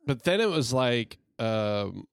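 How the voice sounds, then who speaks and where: A man's voice: medium pitch, big pitch swings, slow, gravelly, smooth, no echo, studio quality. A man co-hosting a podcast in an easygoing, rambling, self-deprecating way. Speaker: podcast co-host. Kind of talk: casual chat.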